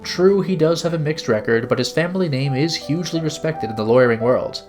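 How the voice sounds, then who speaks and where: Man doing a sly fox investigator, suave, courtly, faintly raised pitch. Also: a little fast, over music, lightly acted. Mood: smooth. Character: sly male fox private investigator, smooth and theatrical.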